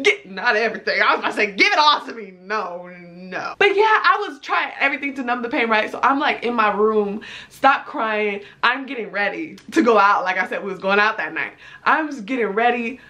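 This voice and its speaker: A woman in her twenties telling a casual storytime to camera at home, animated and expressive, swearing freely. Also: fairly high pitch, fairly quick, hardly any pauses. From United States. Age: 20s. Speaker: vlogger. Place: indoors at home, talking to a camera.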